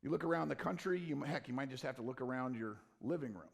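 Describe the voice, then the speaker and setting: A man preaching a sermon as pastor, swinging between loud emphatic lines and low, quiet, intimate ones. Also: fast talker, vocal fry. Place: church stage or studio.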